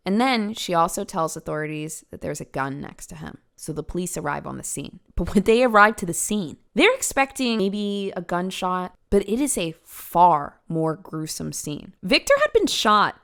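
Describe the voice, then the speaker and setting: A woman's voice: lowish voice, animated, normal speed, vocal fry, few pauses. A woman hosting a true crime podcast, telling the case in a casual, chatty way with asides to the listener.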